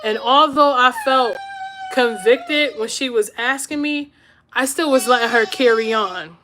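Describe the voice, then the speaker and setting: A woman's voice: fairly high pitch, measured pace, music in the background. A woman in her thirties telling a story to camera in a casual, chatty way, checking in with her viewers as she goes. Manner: chatty, keeps checking in with "all right?" and "right?". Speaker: podcast host telling a story.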